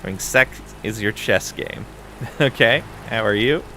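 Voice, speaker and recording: A man streaming a casual game playthrough, reading story text aloud in a relaxed way with asides. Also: fairly low pitch, a little slow, vocal fry, a little hiss or hum. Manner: relaxed, with frequent ums and asides.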